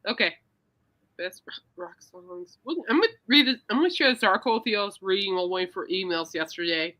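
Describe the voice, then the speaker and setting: A woman's voice: medium pitch, pushed and bright. A woman hosting a podcast in casual chat, chatty and giggly. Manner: chatty and giggly, long drawn-out words when emotional. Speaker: podcast host.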